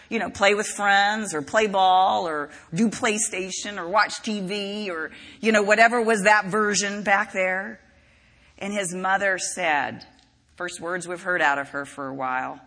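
A woman's voice: mid-range voice, fairly even intonation, normal speed, sharp tone. A woman preaching a sermon in a conversational, storytelling way with frequent asides, recorded in a large hall. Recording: reverberant hall.

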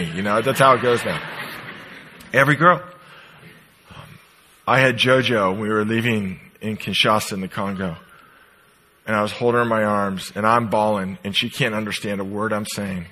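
Man, middle-aged, pastor, sermon in a church, emphatic, breathy husky voice. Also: on the low side, moderate pace, rough recording. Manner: emphatic, swinging from loud to soft. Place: church sanctuary.

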